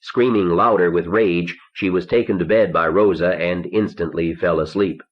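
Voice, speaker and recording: Man, very low voice, calm audiobook narration, dull lo-fi cassette sound. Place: recording studio. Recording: dull lo-fi 1970s cassette recording.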